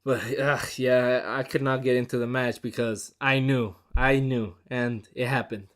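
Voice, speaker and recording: Excitable, chatty man giving a review. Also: medium pitch, measured pace. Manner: excitable and chatty, often laughing. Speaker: show reviewer. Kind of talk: casual spoken review.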